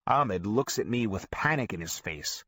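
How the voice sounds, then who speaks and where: A man narrating an audiobook in a lively storytelling manner. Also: on the low side, normal speed, no room sound. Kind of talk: scripted narration.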